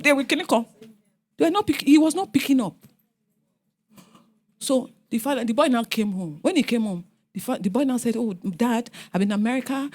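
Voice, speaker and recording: A middle-aged woman with a Nigerian accent, telling family stories on a panel and acting out what her relatives said. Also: fairly high pitch. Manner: animated, acts out family members' lines. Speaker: guest speaker. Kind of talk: storytelling on a panel.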